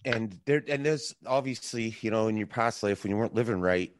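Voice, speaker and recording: A man's voice: lowish voice, a little fast, heavy background noise. A man hosting a podcast, asking questions in a loose, joking way and swearing casually. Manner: loose and profane, laughs easily. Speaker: podcast host. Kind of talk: casual interview chat.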